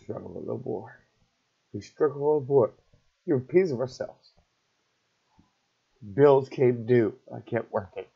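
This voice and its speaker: Middle-aged man, husky and raw, telling a painful story in fits and starts; muffled lo-fi recording. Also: mid-range voice. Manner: halting, repetitive, raw. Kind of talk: emotional personal story. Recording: dull lo-fi recording.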